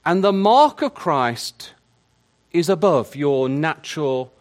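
Male preacher, fairly high voice, swooping and lively delivery, stammering restarts, questions to the congregation. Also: slow pace. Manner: animated, asks the listeners many questions; stammers and repeats words at the starts of phrases. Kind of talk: sermon.

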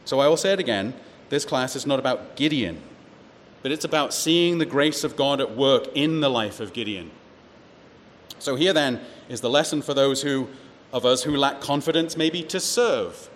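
A man's voice: mid-range voice, normal speed. A man preaching to a Bible class, reading verses aloud and explaining them with rhetorical questions. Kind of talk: sermon-style Bible teaching. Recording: echoey hall with faint ambient noise.

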